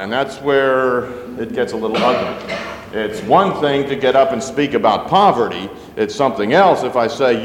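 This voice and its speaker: A man's voice: mid-range voice, animated, normal speed, slight background noise. A man preaching a sermon to his congregation in a loose, conversational way, full of asides and fillers. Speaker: pastor. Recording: roomy sanctuary with long reverb.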